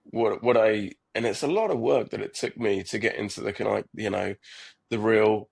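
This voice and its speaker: A man's voice: lowish voice, normal speed, gravelly, husky. A middle-aged man, a startup founder, speaking as a podcast guest in an earnest, reflective way, often repeating words and restarting his sentences. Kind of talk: reflective conversational interview.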